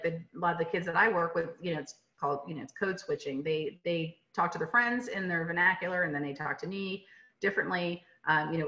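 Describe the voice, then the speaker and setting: A woman's voice: lowish voice, bright, forceful tone. A woman from Atlanta, Georgia, giving a webinar lecture on teaching reading in a conversational way, with many fillers and tag questions. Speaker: literacy presenter. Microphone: video call. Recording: dull lo-fi webinar audio.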